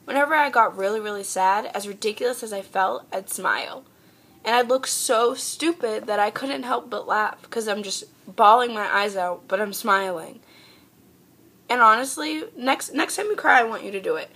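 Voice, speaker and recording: A woman's voice: fairly high pitch, creaky, fairly bright tone, husky. A young woman talking earnestly and heartfelt in a personal vlog, pleading with her viewers. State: tearful. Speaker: vlogger.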